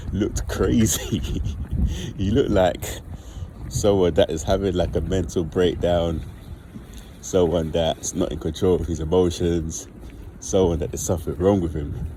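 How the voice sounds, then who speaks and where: Talking directly to his viewers, a vlogger with a low, deep voice rambles informally through a casual story of what happened, leaning heavily on "like." He's unhurried, the audio is poor, and steady traffic noise runs behind him.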